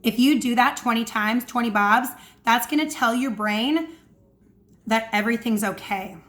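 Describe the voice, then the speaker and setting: Female swim coach, high bright register, energetic casual teaching from home. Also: normal speed. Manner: energetic, demonstrates breathing sounds. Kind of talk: casual instructional talk to camera. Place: at home indoors.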